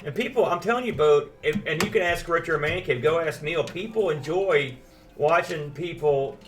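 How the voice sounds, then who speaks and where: Rambling man, a bit high, off-mic. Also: normal speed, far from the mic, faint music behind. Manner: rambling, enthusiastic, many restarts. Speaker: podcast co-host. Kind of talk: casual chat.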